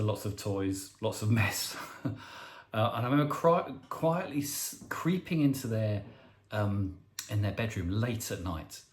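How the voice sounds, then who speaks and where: Animated lowish-voiced man telling a sermon story. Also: reverberant. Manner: animated, playful storytelling with laughs. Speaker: preacher.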